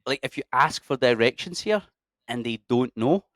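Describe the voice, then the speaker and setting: A man's voice: medium pitch, normal speed, no room sound. Scottish guy swearing away, telling stories, doing voices, dry close mic. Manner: sweary, animated storyteller, puts on voices for locals. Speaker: guest. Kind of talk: casual interview chat.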